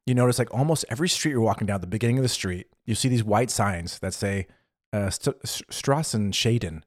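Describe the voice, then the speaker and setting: A young adult man living in Germany co-hosts a podcast, chatting casually and telling a story with animated, acted-out little quotes. His lowish voice runs a little fast, and the studio-quality recording has no echo.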